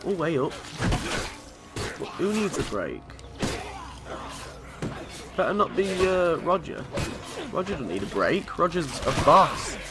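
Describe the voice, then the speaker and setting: A man's voice: a little high, sing-song, takes it slowly, pauses often, music in the background. A man from commentating on a video game in a chatty, sweary way, often laughing. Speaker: gaming channel host.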